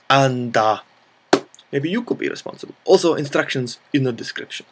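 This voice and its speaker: A man's voice: medium pitch, animated, moderate pace, fairly bright tone, husky. A man hosting a storytelling video, improvising a silly tale in a playful made-up mixed accent and rambling along with self-mocking asides.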